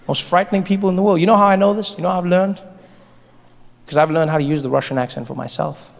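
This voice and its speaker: A man doing a stand-up comedy set on a large theater stage, telling his story in an animated way, with sudden drops and jumps in his voice. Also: high voice, fast talker, vocal fry, a little hiss or hum. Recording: live show in a reverberant hall.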